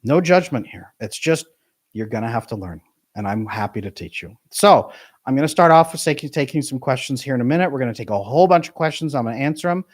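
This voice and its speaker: A middle-aged man, a relationship coach, talking to his live stream audience with emphatic, jumpy pitch on key words. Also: lively intonation, quick pace. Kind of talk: live stream talk to chat.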